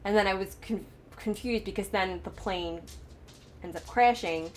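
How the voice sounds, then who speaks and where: A woman's voice: medium pitch, normal speed. Woman from the United States, host, chatty movie recap, faint hiss behind her. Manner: chatty, laughs often, many fillers and restarts. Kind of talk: casual movie reaction chat.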